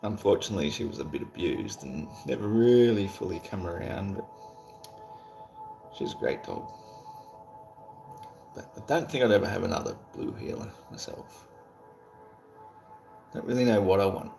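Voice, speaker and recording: A man's voice: low-pitched, expressive, normal speed, vocal fry, long pauses, a little mellow, soft background music. An Australian man hosting a livestream, chatting casually and greeting viewers in a rambling, laid-back way with casual swearing. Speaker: livestream host. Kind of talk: casual chat while reading viewer comments.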